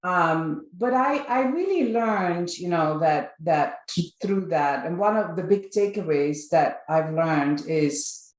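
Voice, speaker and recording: A Flemish-speaking Belgian woman in her fifties, her voice sitting a little low. She tells her story animatedly, restarting sentences and tossing in "right?". The room around her rings with a noticeable echo. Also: expressive, slow, hardly any pauses. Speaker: guest. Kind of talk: conversational interview. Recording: roomy echo.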